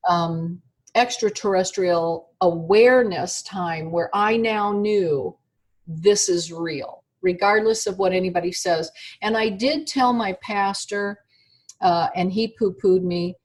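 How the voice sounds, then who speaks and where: An older woman, a guest in an interview, recounting personal experiences in an animated way and acting out the dialogue. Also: on the low side, slow pace. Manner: animated storyteller, acts out quoted dialogue.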